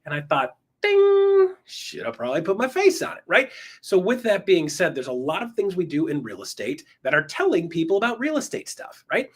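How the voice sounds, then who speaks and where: A man coaching real estate agents in an enthusiastic, emphatic motivational talk, swinging his pitch up and down. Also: big pitch swings, brisk, fairly bright tone, breathy edge.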